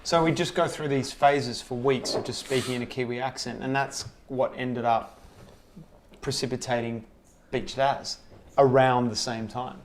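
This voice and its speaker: A man's voice: mid-range voice, fairly even intonation, normal speed, a little hiss or hum. A man, telling stories in a loose, rambling casual chat and swearing often. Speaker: guest.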